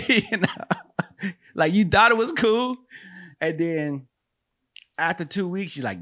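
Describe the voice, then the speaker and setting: A man's voice: high-pitched, huge pitch swings, slow, long pauses, bright, forceful tone. A man hosting a comedic solo commentary, loose and slangy, who keeps calling listeners man and bro and laughs at his own jokes. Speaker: host and comedian.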